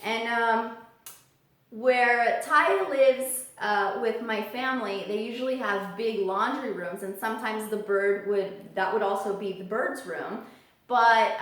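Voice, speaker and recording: A woman giving casual parrot-care tips in a vlog, chatty and animated, now and then squealing high to mimic her birds. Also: far from the mic. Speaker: parrot vlogger. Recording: roomy echo, voice from off the mic.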